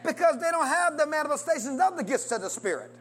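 A man's expressive, quick-paced sermon relies on call-and-response: he continually poses questions for the congregation to answer and urges them to say amen, with wide variations in pitch and loudness.

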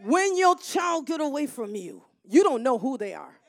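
A middle-aged woman minister preaching a sermon, swinging from quiet storytelling to loud shouted calls and crowd call-and-response. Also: high voice, sing-song, normal speed, creaky, dry recording.

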